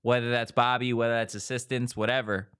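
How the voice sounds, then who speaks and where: A man hosting a casual sports talk show, firing off rhetorical questions in an animated way. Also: mid-range voice, fairly quick, smooth.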